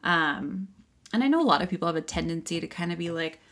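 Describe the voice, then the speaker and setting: A woman's voice: lowish voice, expressive, fast, fairly bright tone. A woman hosting a podcast in a casual chat, laughing often and swearing freely. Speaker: podcast host. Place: child's bedroom, seated on floor.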